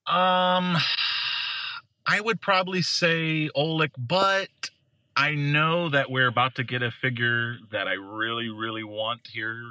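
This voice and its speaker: A man talking excitedly and joking around as a guest on a podcast. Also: medium pitch, slow, clean tone, no echo. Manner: excitable, jokey. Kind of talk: casual chat.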